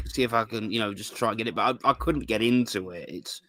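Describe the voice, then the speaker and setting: A man co-hosting a casual chat stream, talking in a hesitant, halting way and restarting his sentences. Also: fairly low pitch, a bit bright. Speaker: stream co-host.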